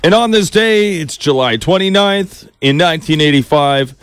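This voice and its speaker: A man's voice: a little high, animated, moderate pace, fairly bright tone, smooth. Easygoing male radio host reading dates. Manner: reads history items, laughs easily. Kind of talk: radio segment chat.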